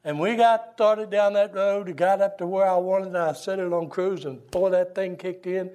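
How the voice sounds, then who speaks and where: An older man, a Baptist pastor preaching a sermon and telling folksy, animated stories. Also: high voice, moderate pace. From Southern US. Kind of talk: sermon with storytelling.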